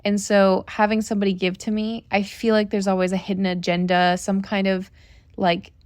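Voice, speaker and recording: A woman's voice: mid-range voice, flat delivery, moderate pace, darkish tone, clean tone, no room sound, clean studio sound. A woman co-hosting a family podcast, telling a personal story in an earnest, reflective way. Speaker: podcast co-host. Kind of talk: casual storytelling chat.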